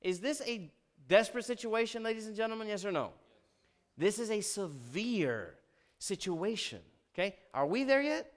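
A male pastor preaching a sermon, animated, asking the congregation questions and acting out the scripture. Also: high-pitched, moderate pace. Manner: animated, asks the congregation questions, dramatizes quotes.

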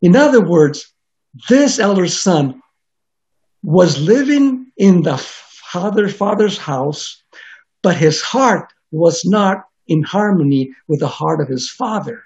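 A man's voice: high voice, lively intonation, slow pace, a little mellow. A man preaching a sermon, reading scripture aloud and explaining it in an earnest way with frequent restarts. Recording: dull lo-fi recording.

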